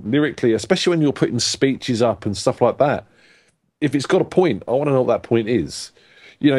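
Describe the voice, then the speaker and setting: A low-voiced man reviewing a song on a panel show, blunt and joking. His voice jumps up when he gets excited, then settles back into plain, steady critique. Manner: candid, joking, animated rises in pitch.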